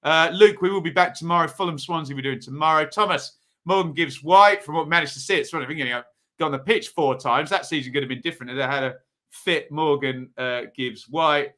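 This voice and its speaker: Bright-voiced man hosting a watch-along. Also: a little high, brisk. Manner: chatty, frequent ums and uhs, reads team sheets. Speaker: football watch-along host. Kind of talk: casual live commentary to chat.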